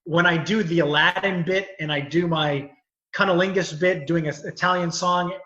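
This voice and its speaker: Bright-voiced man in an echoey room. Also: sits high, steady tone, normal speed. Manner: thoughtful, explains at length. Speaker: comedian, lawyer and actor. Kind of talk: casual video chat. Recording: echoey, dull lo-fi video call.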